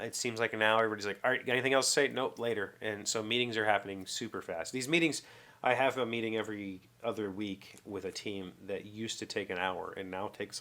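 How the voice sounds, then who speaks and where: Casting note: lowish, bright-toned male vlogger, rambling chatty delivery, frequent self-corrections. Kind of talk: casual daily vlog monologue. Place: home workshop.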